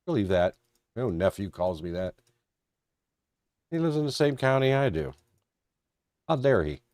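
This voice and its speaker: A man's voice: on the low side, big pitch swings, normal speed, darkish tone, no room sound, clean studio sound. A man moderating a live trading stream, talking in a folksy, rambling way with a stuffed-up head cold. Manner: folksy, rambling, self-deprecating. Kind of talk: live-stream market talk.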